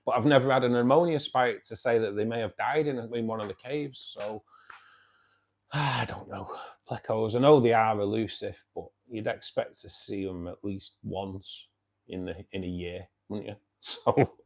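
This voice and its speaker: A man's voice: fairly low pitch, moderate pace. Chatty Mancunian man hosting a stream. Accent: Mancunian English. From Manchester area, England. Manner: chatty, friendly, reads out viewer comments and greets them by name. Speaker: live stream host of a fish club. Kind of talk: casual live stream chat. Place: home by his fish tank.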